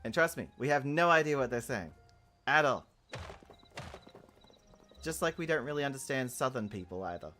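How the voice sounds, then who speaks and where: A man's voice: mid-range voice, animated, normal speed, long pauses, pushed and bright, faint music behind. A young Australian man chatting casually on a game stream, rambling and giggling as he answers chat. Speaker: gaming streamer.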